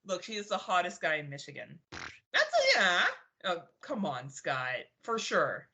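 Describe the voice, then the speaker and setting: A woman's voice: fairly low pitch, animated, unhurried, bright, forceful tone. A woman from Canada co-hosting a podcast, chatting casually with lots of laughing, swearing and rambling banter. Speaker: podcast co-host. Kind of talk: casual chat.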